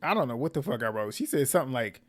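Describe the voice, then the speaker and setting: A man's voice: mid-range voice, very animated, racing. A man recapping a reality dating show in casual, blunt commentary, swearing and laughing often.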